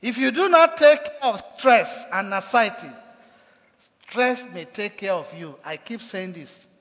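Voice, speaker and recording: An animated yet unhurried male pastor delivers a sermon in a high voice with a fairly bright tone. With emphatic force that keeps building, he acts out quoted cries. The room is an echoey hall.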